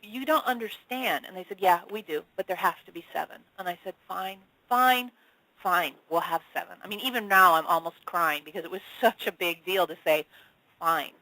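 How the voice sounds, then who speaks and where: A woman guest in an interview tells her story with lively, expressive delivery. She swears casually and acts out both sides of every conversation, her voice jumping high for emphasis. The sound is dry and close. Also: normal speed, dry recording, rough recording. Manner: expressive, casual swearing, acts out dialogue with big pitch swings. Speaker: spiritual channel, interview guest.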